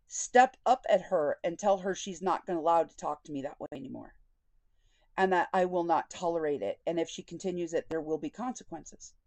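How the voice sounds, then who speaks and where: A woman with a mid-range, slightly mellow voice vlogs about a personal experience, candid and indignant, repeatedly quoting what people said. No room sound is present.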